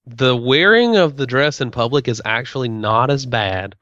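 Male co-host, wry storyteller, smooth voice, slightly dull dry sound. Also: medium pitch, animated, moderate pace, a bit bright, no room sound. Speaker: podcast co-host. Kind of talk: casual podcast chat.

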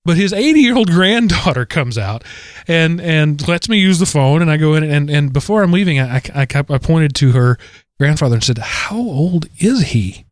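A man's voice: a little high, moderate pace, smooth, no echo. Male podcast co-host, storyteller, bouncy intonation, dry studio sound. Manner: animated storyteller, lively delivery. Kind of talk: casual chat.

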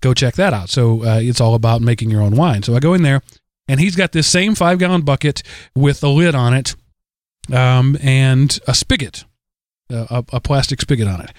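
A man's voice: mid-range voice, normal speed, a little mellow, dry recording, studio quality. A man hosting a podcast in a casual, rambling way, with many restarts. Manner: rambling, full of restarts and fillers. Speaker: podcast host.

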